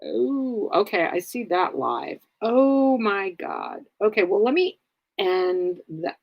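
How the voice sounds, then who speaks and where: Brief: woman livestream host, unhurried delivery, blunt and rambling, dry close sound. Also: medium pitch, lively intonation, no room sound, muffled recording. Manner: rambling, many fillers, blunt. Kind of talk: casual livestream chat answering viewers.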